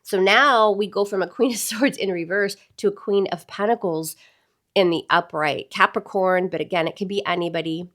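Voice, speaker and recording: A woman's voice: medium pitch, normal speed, fairly bright tone. Chatty woman giving a tarot reading. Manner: chatty, addresses viewers as "y'all". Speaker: tarot reader. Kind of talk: casual tarot reading to camera.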